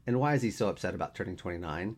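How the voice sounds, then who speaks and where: A man voicing a brisk, insistent young woman coworker in a read-aloud story. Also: low voice, animated.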